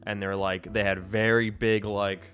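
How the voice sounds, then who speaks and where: A man's voice: lowish voice, little pitch movement, normal speed, fairly bright tone, faint music behind. A man co-hosting a podcast, telling a story in laid-back casual chat with lots of fillers. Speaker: podcast co-host.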